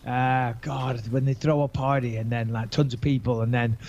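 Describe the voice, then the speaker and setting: A man co-hosting a podcast, telling a story in a casual, animated and profane way and acting out both sides of phone calls. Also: medium pitch, normal speed, lo-fi sound. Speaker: podcast co-host.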